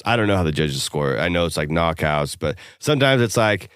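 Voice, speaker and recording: A podcast co-host talking in a relaxed, rambling way, cursing freely and leaning on fillers as he tells a story. His voice sits a bit low and comes through smooth and clear. The recording is dry and close, with no room sound. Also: fairly quick, no echo. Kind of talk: casual chat.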